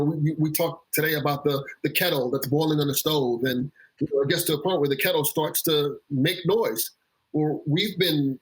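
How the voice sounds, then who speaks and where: Husky-voiced man, pastor guest; earnest, impassioned, slightly raised pitch, repeats himself mid-thought. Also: rough recording. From South Florida. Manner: impassioned, repeats words as he builds a point. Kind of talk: earnest interview conversation.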